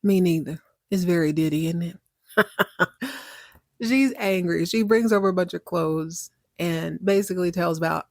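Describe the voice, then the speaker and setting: A woman hosting a podcast, recapping a TV series in a casual, opinionated way. She acts out the characters' lines and reacts out loud. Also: lowish voice, normal speed, no room sound, studio quality. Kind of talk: casual chat.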